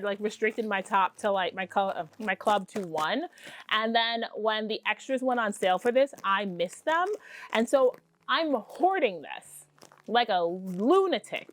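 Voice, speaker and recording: A woman hosting a casual crafting vlog, talking in a chatty, excitable way with self-deprecating asides. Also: on the high side. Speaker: podcast host.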